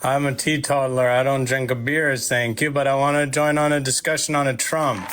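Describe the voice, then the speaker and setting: A man's voice: mid-range voice, fairly even intonation, fairly quick, noisy background, lightly acted. A man playing a boastful, argumentative Canadian expat guest on a call-in panel. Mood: bickering. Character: brash Canadian expat man named Butch. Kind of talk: comedic improvised character.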